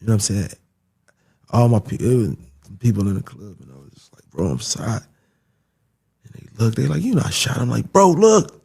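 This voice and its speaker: A young man with a low, gravelly, husky voice tells a story in casual conversation. His tone is relaxed and dark, and he gets animated as he acts out the other voices and swears freely. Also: fairly quick, pauses often. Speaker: guest telling a story.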